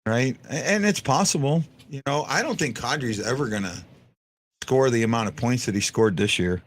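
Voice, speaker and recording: A man's voice: mid-range voice, lively intonation, normal speed. A man hosting a fan podcast, chatting casually and rambling with lots of restarts and fillers. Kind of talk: casual live-stream chat.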